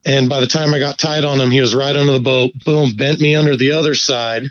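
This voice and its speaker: A man spins a fishing yarn in an easygoing, profane, animated way. His voice sits at an ordinary pitch. The sound is slightly dull and very dry. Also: a little fast, dry recording. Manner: laid-back, profane, animated storyteller. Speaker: guest angler. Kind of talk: casual storytelling.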